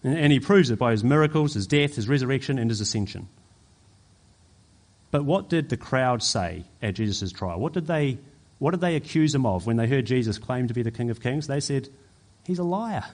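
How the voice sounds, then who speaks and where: A man's voice: mid-range voice, animated, fairly quick. Emphatic male pastor preaching a sermon. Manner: emphatic, rising to forceful peaks.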